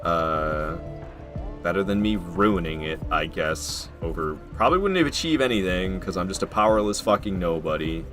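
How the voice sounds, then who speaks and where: A man's voice: deep voice, expressive, normal speed, music in the background. A young man streaming a game, chatting casually and swearing freely, working himself up into heated rants.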